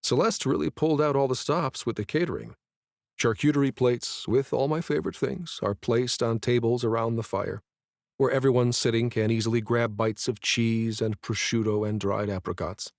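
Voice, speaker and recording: A man's voice: medium pitch, moderate pace, gravelly, dry recording. Male audiobook narrator, first-person romance, mid voice, dry studio read.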